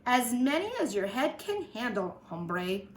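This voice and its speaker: A woman voicing an excitable young male kitten who thinks he is a little dog, in a picture-book reading. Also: high voice, measured pace, roomy sound, slight background noise. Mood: curious. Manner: bouncy, playful.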